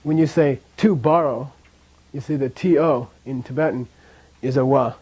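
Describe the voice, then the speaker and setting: A man's voice: mid-range voice, moderate pace, a little mellow, breathy edge, rough recording. A man teaching a language class, patiently repeating sounds for his students and chuckling now and then as he explains. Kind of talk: classroom lesson with drills.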